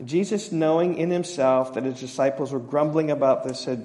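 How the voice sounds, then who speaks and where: A middle-aged male pastor preaching an expository sermon in a relaxed, conversational way, with self-deprecating asides and acted-out quotes. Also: a little high, a little fast, hardly any pauses. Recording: long hall reverb.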